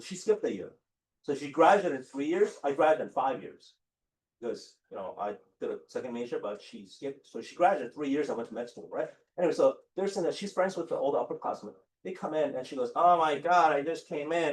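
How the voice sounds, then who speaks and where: A man teaching a high school chemistry class and telling stories, with an animated delivery that keeps asking the students "right?". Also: slightly rough. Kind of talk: classroom lecture with storytelling.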